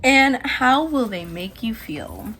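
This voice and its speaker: A woman giving a casual, chatty tarot reading, lively and quick to laugh, with some swearing. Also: fairly high pitch. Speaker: tarot reader.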